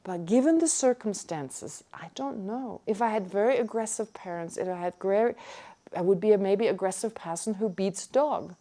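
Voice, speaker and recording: A middle-aged woman from Germany, giving a Buddhist teaching and telling a personal story in an animated way with frequent restarts. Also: mid-range voice, normal speed. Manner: animated, restarts often, acts out her own shock.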